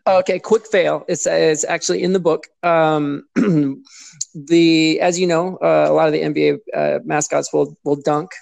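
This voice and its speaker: A man, a guest on a talk show, recounting a past injury in plain, steady speech. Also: a little high, moderate pace, vocal fry, no room sound. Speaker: guest, former mascot performer. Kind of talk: casual interview storytelling.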